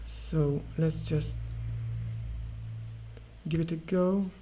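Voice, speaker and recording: A man teaching an English pronunciation lesson, hesitating often with fillers and restarts and repeating words slowly to model their sound. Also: on the high side, steady tone, mellow, rough recording.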